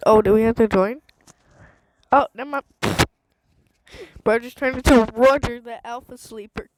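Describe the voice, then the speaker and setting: Giggly high-voiced woman gaming. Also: moderate pace, background noise. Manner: giggly, excitable, laughs a lot. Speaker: gaming streamer. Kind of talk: casual gameplay chatter. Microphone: handheld microphone.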